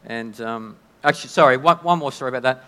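A man preaching a sermon in a conversational, halting way, often restarting his sentences. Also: mid-range voice, a bit bright, clear, resonant tone. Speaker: pastor. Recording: long hall reverb.

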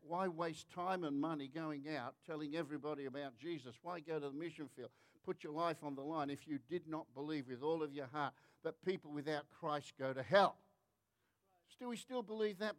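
An Australian man delivers a forceful sermon in a voice sitting a little above the usual male range. He builds his points through lists and rhetorical questions to the congregation. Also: a little high. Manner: emphatic, rhetorical, repeats "how many of you know". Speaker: preacher.

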